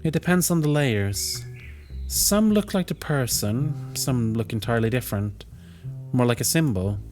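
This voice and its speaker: A man's voice: medium pitch, animated, measured pace, darkish tone, faint music behind, close to an everyday voice. A man voicing a troubled young male painter who speaks hesitantly and in a subdued way.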